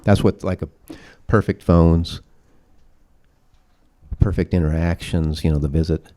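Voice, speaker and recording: A man's voice: low-pitched, steady tone, a little slow, warm tone. A man speaking at a conference, emphatic and preachy, leaning on vivid metaphors. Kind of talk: open-forum conference talk.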